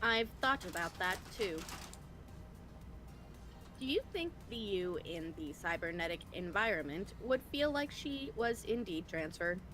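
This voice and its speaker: A woman's voice: medium pitch, animated, unhurried, over music, lightly acted. A woman voicing a chipper, slightly robotic brain in a jar. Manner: upbeat and flirty. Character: cheerful, energetic female brain in a jar. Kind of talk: fan voicing of game dialogue. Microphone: voice call over the internet.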